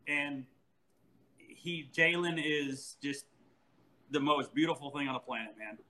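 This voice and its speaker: A man in his forties, an animated storyteller who laughs often and restarts his sentences in casual chat. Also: on the high side, a little slow, rough recording. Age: 40s.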